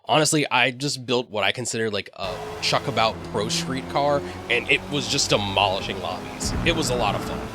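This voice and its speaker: A man's voice: medium pitch, a little fast, few pauses, noisy background. A man hosting a weekly gaming recap, reading a scripted voice-over in a dry, matter-of-fact way with the odd wry aside. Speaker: gaming channel host.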